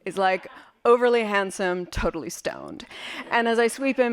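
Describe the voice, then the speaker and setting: A woman's voice: fairly high pitch, lively intonation, brisk. A woman performing a personal story on stage, wry, vivid and theatrical. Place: library auditorium stage.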